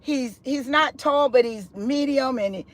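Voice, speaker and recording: A woman tells a spiritual story in a loose, chatty way, her pitch swinging wide as she acts out what she said. She often calls the listener "honey" and "sis". Her voice comes through a close, dry mic with no room sound. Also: measured pace, no room sound. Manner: expressive and chatty, with big pitch swings and laughter; loose conversational speech with frequent "honey" and "sis". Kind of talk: animated spiritual testimony.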